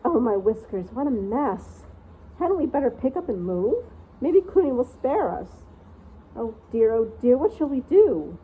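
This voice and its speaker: A woman's voice: fairly high pitch, big pitch swings, a little slow, slightly rough, heavily acted. A woman voicing a frightened abbey mouse who frets anxiously and wants to flee. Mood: panicky. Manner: anxious, wringing its paws. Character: fretful panicking mouse of the abbey. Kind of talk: storybook reading. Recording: tinny phone-like sound, faint hiss.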